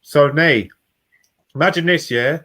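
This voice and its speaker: A man, chatting casually and speculating out loud. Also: a little high, measured pace. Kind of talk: casual chat.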